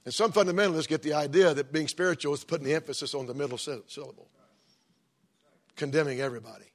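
A man's voice: fairly high pitch, fast talker. A middle-aged man preaching a sermon as pastor, in a folksy, conversational way with joking asides.

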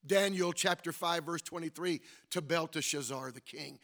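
High-voiced man preaching with emphatic amens. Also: normal speed, gravelly, few pauses. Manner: preaching with frequent amens and rhetorical questions; swings between soft and loud emphatic lines. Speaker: pastor. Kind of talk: sermon.

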